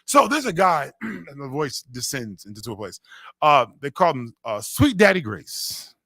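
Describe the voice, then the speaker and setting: A man's voice: a little high, sing-song, unhurried, creaky, bright, forceful tone, dry recording. A man from Western New York hosting a casual radio talk show, telling stories animatedly and laughing often. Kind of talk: casual chat.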